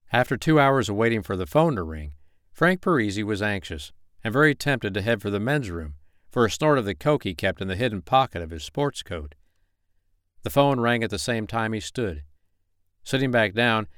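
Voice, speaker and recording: A man narrating a romance novel as an audiobook in a steady, even reading voice, close to the mic. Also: fairly low pitch, clear, resonant tone, no echo. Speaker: audiobook reader.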